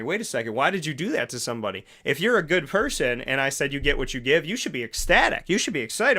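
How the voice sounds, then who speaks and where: This male host's preachy motivational morning monologue comes in a high-side, pushed, bright voice, very animated, quick, and with few pauses. Rhetorical questions and repeated phrases drive his points, and he voices both sides of imagined conversations.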